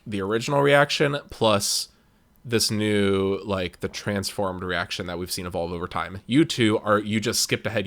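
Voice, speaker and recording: A man co-hosting a casual movie podcast, talking expressively and drifting into tangents. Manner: expressive, swoops up high for emphasis, drifts into tangents. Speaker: podcast co-host. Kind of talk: casual movie-review chat.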